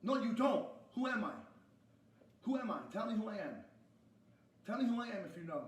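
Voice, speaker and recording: Over the phone, a man with a fairly high, expressive voice argues heatedly with a store as a complaining customer, speaking fairly quickly. He is aggressive and profane, repeating his demands again and again, and the recording sounds roomy and echoey.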